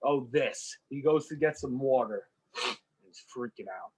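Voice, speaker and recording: Husky guy on a podcast, spinning a story, acting out all the lines. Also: mid-range voice, measured pace, poor audio. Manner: animated, acts out characters' lines. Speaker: podcast co-host. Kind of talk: casual storytelling chat.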